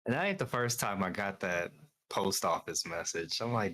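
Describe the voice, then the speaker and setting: A man's voice: sits low, a bit bright. A man chatting casually, telling stories in slang and laughing often. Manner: slow, laughing, slangy storytelling. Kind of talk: casual chat.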